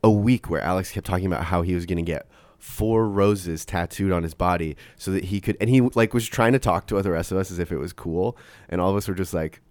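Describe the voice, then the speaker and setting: A man's voice: sits low, a little fast, darkish tone, no room sound. A young man co-hosting a podcast in casual chat, laid-back and self-deprecating. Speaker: podcast co-host.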